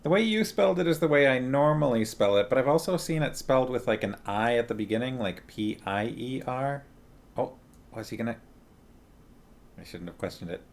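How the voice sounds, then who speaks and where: A man's voice: mid-range voice, lively intonation, fairly quick. A man chatting casually on a live stream, greeting viewers one by one and talking playfully to his dog at home.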